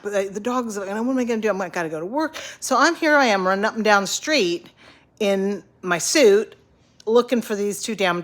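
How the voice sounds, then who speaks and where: A middle-aged woman in bed at home, telling a comically bad day in an animated, self-mocking way. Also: fairly low pitch. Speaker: vlogger. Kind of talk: casual storytelling vent.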